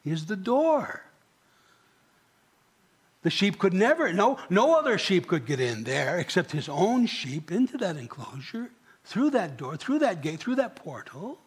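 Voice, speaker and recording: A man's voice: high-pitched, sing-song, measured pace, slightly rough. A man preaching a sermon in a church, talking with the congregation and asking them questions. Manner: conversational, asks the congregation questions. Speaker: pastor.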